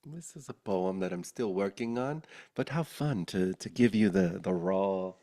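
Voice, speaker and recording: A man leading a spiritual gathering, telling stories in an animated way, often laughing and sometimes dropping to a soft near-whisper. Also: sits low, a little slow. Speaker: spiritual teacher leading a satsang. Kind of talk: casual spiritual talk to a group.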